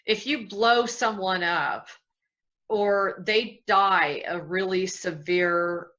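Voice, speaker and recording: A woman's voice: medium pitch, takes it slowly, fairly bright tone. A woman hosting an interview, engaged and thoughtful, asking follow-up questions. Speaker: interview host. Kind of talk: interview conversation. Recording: dull, lo-fi audio.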